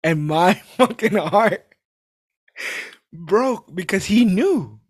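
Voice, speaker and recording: A man hosting a casual chat, talking in a rambling, animated way and swearing casually. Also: sits high, extremely slow, slightly rough, no echo, studio quality.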